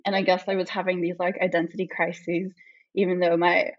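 A woman's voice: fairly low pitch, flat delivery, fairly quick, lo-fi sound. A woman with an Australian accent tinged with an American twang, talking in a chatty, reflective way as a podcast guest, full of "like" fillers. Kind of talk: casual conversation.

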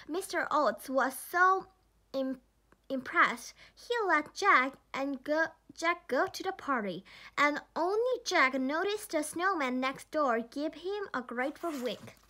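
Slow, high-voiced woman reading a storybook. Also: animated, sharp tone. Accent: Korean. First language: Korean. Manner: careful reading with frequent small slips and restarts. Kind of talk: children's storybook read-aloud.

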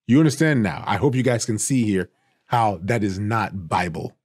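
A man teaching a Bible study in a casual, emphatic way, raising his voice to stress points and slowing down on key phrases. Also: mid-range voice, expressive, a little mellow, no room sound, studio quality. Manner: emphatic and conversational, rising for stress, drawing words out slowly.

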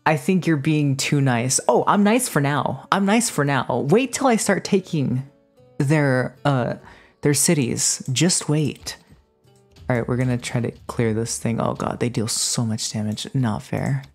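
A woman with a deep, low voice streams a game live. She banters playfully with her chat and bursts into excited exclamations. Her talk is loose, quick and casual. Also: soft background music. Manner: excitable outbursts. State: just woke up. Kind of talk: casual live gaming commentary.

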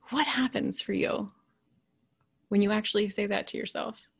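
A woman in her thirties or forties giving a motivational talk as a keynote speaker, telling a personal story in a conversational, animated way with quiet, hushed asides. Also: mid-range voice, normal speed, creaky, pauses often, breathy edge. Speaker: keynote speaker and leadership coach.

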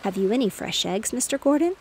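A woman voicing an eager, excitable little girl in a bedtime storybook reading. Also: a little fast, slight background noise. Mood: playful. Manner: high and excited.

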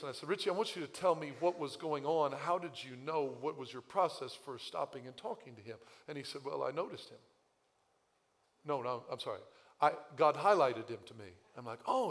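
A man preaching a sermon as pastor, telling a story in an animated, self-deprecating way, his voice recovering from having been lost. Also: medium pitch, long reverb tail. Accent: Midwestern American. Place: church sanctuary.

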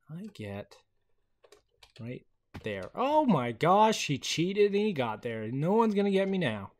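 A man hosting a casual gameplay video on a headset mic, excitable and chatty, laughing often. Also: a little high, measured pace. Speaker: gaming video host.

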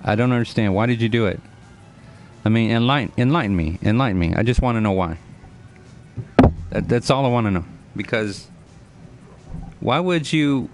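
A man's voice: fairly low pitch, animated, normal speed, soft background music. A man in his forties chatting earnestly to his live-stream audience, lecturing and repeating himself as he answers viewers by name. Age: 40s. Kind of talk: casual live-stream chat.

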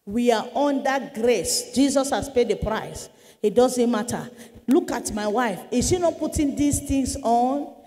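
A woman's voice: a little high, a little slow, dark tone, big-room sound, soft background music, lightly acted. Woman mimicking a scornful male pastor. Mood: dismissive. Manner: scornful, preachy, emphatic. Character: mocking smooth-talking male pastor, middle-aged.

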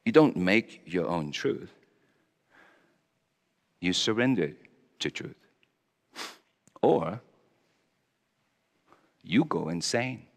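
A male pastor preaching a dramatic first-person monologue, speaking in character as a Roman governor with a theatrical, halting delivery. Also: low voice, big pitch swings, gravelly. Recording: long reverb of a large hall.

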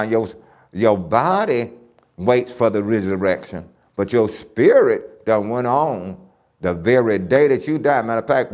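Man, Bible teacher, deep-ish voice, slow, emphatic, repeats phrases, reads scripture. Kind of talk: church Bible lesson.

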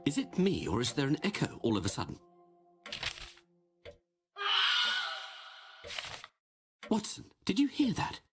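Casting: a theatrical, pompous game detective, voice swooping wildly, over game music. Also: male voice, fairly high pitch, wildly swooping pitch, fast. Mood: curious. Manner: grandiloquent, lecturing, sweeping delivery. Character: pompous, theatrical male detective, grandly confident.

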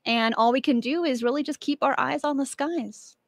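A woman's voice: high-pitched, normal speed, no echo. Upbeat woman hosting a live show. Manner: enthusiastic, chatty. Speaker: show host. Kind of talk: casual live-stream chat.

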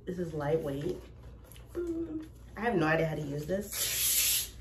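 A woman with a low voice talks her way through an unboxing, gushing, emotional and on the edge of tears. She rambles and restarts her sentences. The recording is echoey and noisy, with the mic set some distance away. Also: big pitch swings, measured pace. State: teary, close to crying. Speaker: vlogger unboxing a label printer. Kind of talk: casual chat to camera. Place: cluttered home recording room.

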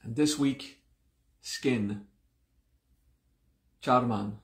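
A man teaching a live-streamed class, slow and deliberate, repeating each term several times, sounding like he has only just woken up. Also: mid-range voice, fairly even intonation, creaky, reverberant. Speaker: yoga teacher.

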